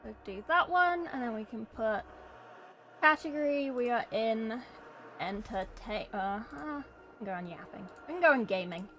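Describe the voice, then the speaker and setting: A woman's voice: on the high side, expressive, measured pace, pushed and bright. A woman game streamer chatting casually and rambling to her viewers, swearing freely and thanking followers. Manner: talks to chat, thanks followers. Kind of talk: casual live-stream chat.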